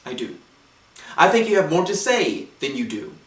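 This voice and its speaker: A man's voice: fairly high pitch, sing-song, moderate pace. A man delivering a blunt, profane, sarcastic opinion rant to camera. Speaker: commentary vlogger. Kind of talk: ranting opinion monologue. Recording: echoey room, mic set at a distance.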